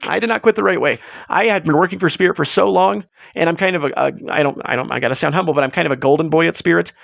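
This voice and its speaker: A man hosting a live show in casual chat, rambling and excitable as he tells stories, swearing freely, on a close mic. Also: on the high side, very fast, gravelly, no room sound, muffled recording. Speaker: livestream host.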